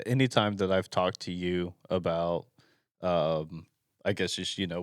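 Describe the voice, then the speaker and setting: Young male co-host, low smooth voice, earnest and rambling. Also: fairly bright tone, no echo, studio quality. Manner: earnest, rambling, heavy on fillers. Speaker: youth ministry volunteer, podcast co-host. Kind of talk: casual chat.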